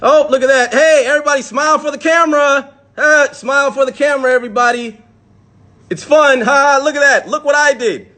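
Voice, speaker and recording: A man's voice: very high-pitched, a little fast, sharp tone, pitched above the performer's own voice. A man putting on a gleeful, callous onlooker. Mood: mocking glee. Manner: sing-song, mocking cheer. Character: gleeful, callous male onlooker mocking a crowd.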